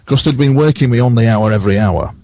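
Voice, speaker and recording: A man on a radio show who recounts his experiences earnestly, halting and repeating phrases for emphasis. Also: medium pitch, warm tone, no room sound. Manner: halting, with many false starts.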